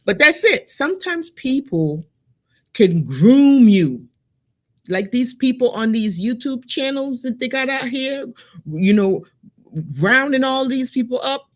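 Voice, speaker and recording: A woman's voice: high voice, slow. A woman from Saint Vincent with a Vincentian accent, co-hosting a casual talk show and telling stories animatedly to her listeners. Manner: animated storyteller, addresses listeners directly. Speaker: podcast co-host. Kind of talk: casual chat.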